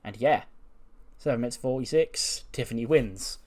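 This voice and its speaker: A man's voice: medium pitch, moderate pace, darkish tone. A man casually recapping a wrestling simulation run, chatty, laughing and swearing, often restarting mid-sentence. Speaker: game commentator. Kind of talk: casual let's-play recap.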